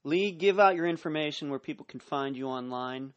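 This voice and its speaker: A man's voice: fairly high pitch, fairly quick, dull audio. A man hosting a radio interview in a conversational, encouraging way. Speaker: radio host.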